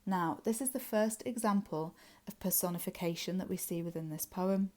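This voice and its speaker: An English woman gives a poetry revision lesson in a low, mellow voice. She explains each line patiently and fills her pauses with ums and uhs as she works through the text. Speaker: literature teacher.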